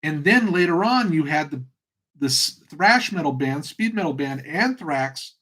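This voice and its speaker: A man's voice: on the high side, expressive, measured pace, bright, forceful tone. A middle-aged man hosting his own channel, talking in a loose, rambling, conversational way. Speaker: channel host. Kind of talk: casual monologue.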